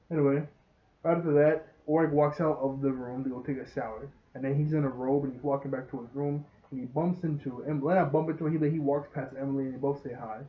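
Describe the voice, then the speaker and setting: Excitable man rambling through a show review. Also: medium pitch. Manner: rambling, excitable, laughs often, retells scenes. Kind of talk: casual episode review. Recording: roomy, dull lo-fi sound.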